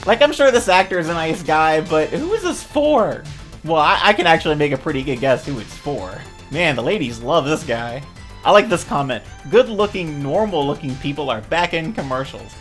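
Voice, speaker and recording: A woman's voice: deep voice, lively intonation, normal speed, soft background music. A woman commentator ranting about commercials in a casual, sarcastic, exasperated way. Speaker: video commentator.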